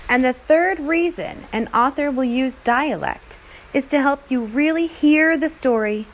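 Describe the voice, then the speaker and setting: A woman teacher narrating a lesson in an upbeat, expressive, chatty way. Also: on the high side, rough recording.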